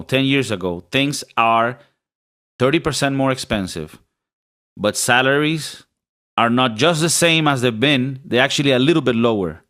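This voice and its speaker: A man co-hosting a podcast, chatting casually with a rambling, joking manner. He restarts his sentences often, and his voice sits at an ordinary middle pitch. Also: fairly bright tone. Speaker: podcast co-host.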